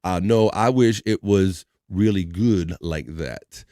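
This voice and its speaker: A man's voice: low voice, slow pace, noisy background. Laid-back rambling male stream host. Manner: rambling and laid-back, lots of fillers and chuckles. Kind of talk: casual chat.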